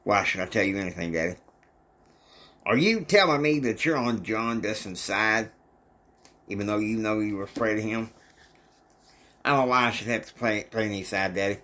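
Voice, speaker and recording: Defiant young son, quiet and clipped, sullen delivery, a man playing him. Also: on the low side, moderate pace, long pauses. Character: defiant young man arguing with his father.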